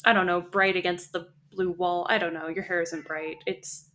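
A woman co-hosting a relaxed podcast chat, explaining things at length. She talks in a loose, conversational way, often restarting her sentences. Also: lowish voice, moderate pace. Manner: explanatory, chatty, with many restarts. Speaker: podcast co-host. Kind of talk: casual chat about writing.

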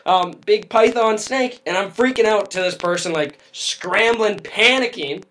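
A man's voice: high-pitched, measured pace, a bit bright, rough recording. A man co-hosting a podcast, telling a rambling, joking story in casual chat. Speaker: podcast co-host.

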